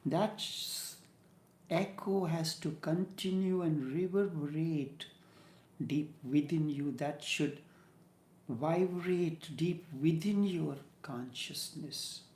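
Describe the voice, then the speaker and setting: A man giving a measured spiritual discourse, dropping to a whisper on key words. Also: a little high, a little mellow. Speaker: spiritual teacher. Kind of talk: slow meditative spiritual discourse. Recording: echoey room.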